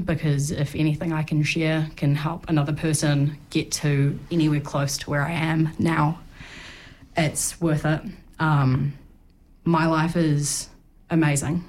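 Low-voiced young woman sharing her story. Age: 20s. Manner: candid, halting with frequent ums. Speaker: guest sharing recovery story. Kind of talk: personal testimony on community radio.

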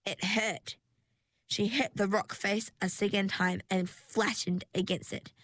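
Unhurried woman reading a storybook. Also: medium pitch. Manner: measured, expressive reading. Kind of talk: storybook narration.

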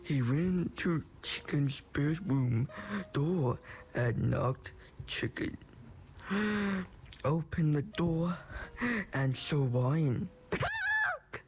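A host reading a homemade spooky story as storyteller, slow and expressive. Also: medium pitch, a little hiss or hum.

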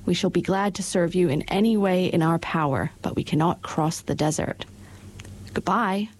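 A woman's voice: fairly low pitch, moderate pace, close to an everyday voice. A woman voicing a dignified male winged monkey king, speaking formally and courteously in a storybook reading.

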